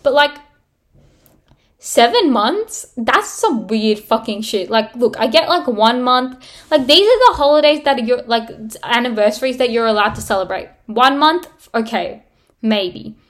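Young aussie woman ranting on her podcast, high voice, swears a lot, says like constantly. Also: expressive, measured pace, fairly bright tone. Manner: blunt, sweary, lots of "like". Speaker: podcast host. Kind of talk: casual solo podcast rant.

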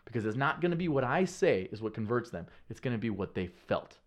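Earnest, animated man telling stories. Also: mid-range voice, brisk. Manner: earnest and animated, casual slang, frequent restarts. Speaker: podcast guest. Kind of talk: casual conversational storytelling.

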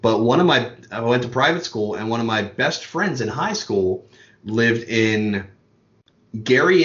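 A man from Maryland telling long stories in a casual chat, full of quick asides. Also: on the low side, a bit bright. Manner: rambling storyteller, quick asides. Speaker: podcast co-host. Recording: roomy, dull lo-fi sound.

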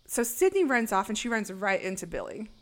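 A woman's voice: medium pitch, big pitch swings, brisk. Sarcastic woman recapping a movie. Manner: sarcastic, retells scenes by acting out lines. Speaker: podcast co-host recapping a film. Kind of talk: casual chat.

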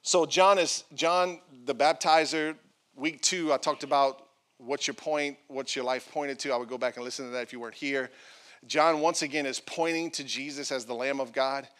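A man's voice: medium pitch, fairly even intonation, normal speed, fairly bright tone. A male pastor preaching a sermon, reading scripture aloud with playful asides and acted-out quotes.

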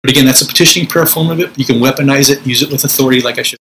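A man's voice: mid-range voice, steady tone, rapid-fire, a bit bright, a little hiss or hum, low-quality recording. Conversational man preaching on spiritual warfare. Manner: conversational preaching, acts out prayers with commanding force. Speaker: Pentecostal minister.

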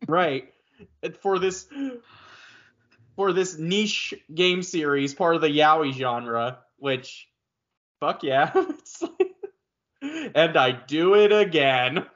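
A voice actor chatting on a podcast, animated and profane, breaking into laughter often. His voice sits a little high. The recording is dull and lo-fi. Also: slow pace. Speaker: voice actor guest. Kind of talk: casual podcast chat.

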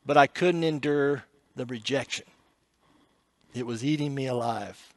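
A man preaching a sermon, telling an emotional story and shifting between hushed passages and loud, pleading ones. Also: on the high side, a little slow, no room sound, studio quality.

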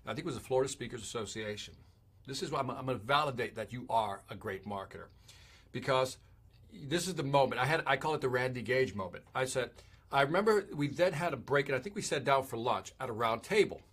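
Guy host chatting, bit husky, acts out every quote. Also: medium pitch, fast talker. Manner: animated storyteller, acts out quotes. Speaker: podcast host. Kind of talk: casual interview chat.

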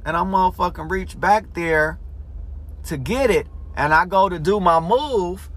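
Higher-voiced norcal guy telling a wild story, swearing a lot, super animated. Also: measured pace. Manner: animated, profanity-heavy storytelling. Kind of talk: casual storytelling.

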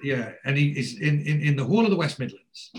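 A man's voice: a little high, lively intonation, a little fast, a little hiss or hum. Chatty man retelling a story. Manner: chatty storyteller, drops into quoted lines, many fillers. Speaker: podcast co-host recapping a TV episode. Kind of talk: casual chat, retelling scenes with quoted dialogue.

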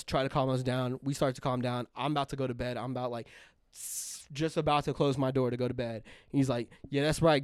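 A man's voice: medium pitch, smooth, no echo, studio quality. Profane young man telling a rambling story. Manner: profane, rambling, full of fillers and restarts. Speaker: podcast co-host. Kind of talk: casual storytelling chat.

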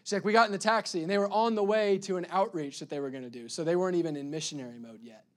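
A male pastor preaching with a high, bright voice. He talks energetically, trips over his words and restarts them, and breaks into sudden loud bursts. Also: racing. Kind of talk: sermon.

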